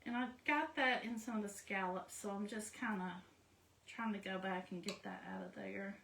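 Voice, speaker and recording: A woman's voice: mid-range voice, moderate pace, gravelly, a bit bright, far from the mic, slight background noise. A woman chatting casually and poking fun at herself as she walks through a craft project step by step. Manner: chatty, self-deprecating, explains each step as she works. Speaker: craft vlogger. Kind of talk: casual how-to chat while crafting. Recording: echoey room, voice a bit off-mic.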